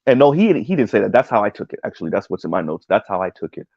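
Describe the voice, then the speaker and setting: Man, gravelly voice, dry close sound, casual stream commentary, rambling, lots of ums. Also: fairly low pitch, sing-song, rapid-fire, a little mellow, no room sound, dull audio. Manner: rambling, many "um"s and "right?" tags. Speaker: streamer reacting to a video essay. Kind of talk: casual livestream commentary, reading chat.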